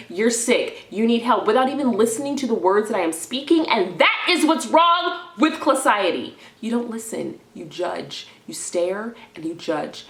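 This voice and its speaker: Stressed woman ranting in an echoey room. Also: on the high side. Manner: swings from mumbling to loud indignant outbursts; swaps playful made-up words into her speech. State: stressed and low. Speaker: vlogger. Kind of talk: rambling confessional vlog. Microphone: camera in front of her.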